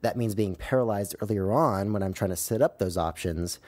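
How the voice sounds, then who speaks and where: Young adult man, low voice, podcast co-host, casual chat, easygoing, laughs a lot. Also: moderate pace, a little mellow, no echo. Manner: laid-back, laughs often, fillers.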